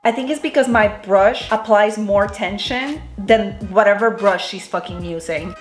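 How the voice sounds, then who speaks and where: A woman's voice: mid-range voice, normal speed. A woman vlogger giving a casual hair-styling how-to, chatty, cursing offhand and talking to herself as she goes. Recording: roomy echo with faint music.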